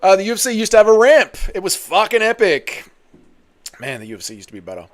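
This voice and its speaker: A man's voice: high voice, sing-song, fast. Profane man hosting a fight stream. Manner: loose and profane, bursts into shouts at big moments. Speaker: host of a fight watchalong stream. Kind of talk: casual live-stream commentary and chat reading.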